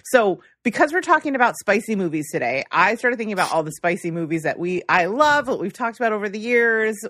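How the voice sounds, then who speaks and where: A woman's voice: mid-range voice, big pitch swings, fast, fairly bright tone, no room sound, studio quality. A woman hosting a podcast in casual chat, playful and teasing, laughing often as she leads the talk. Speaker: podcast host.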